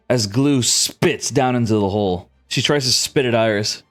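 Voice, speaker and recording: A man's voice: medium pitch, moderate pace, few pauses, a bit bright, faint music behind. A man narrating and ruling as game master of a tabletop game.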